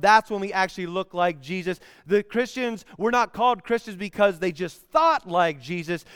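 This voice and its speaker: A man's voice: high voice, a bit bright, smooth, no room sound, studio quality, long reverb tail. A man in his thirties preaching a sermon in a church, talking conversationally and asking the congregation to respond. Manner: conversational, asks the room for responses. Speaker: pastor. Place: church sanctuary.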